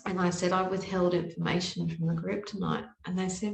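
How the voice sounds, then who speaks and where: A woman telling a personal spiritual story in an animated way, laughing often and acting out voices with sudden high pitch. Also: normal speed, vocal fry, echoey room, poor audio. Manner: laughs often, loose fillers.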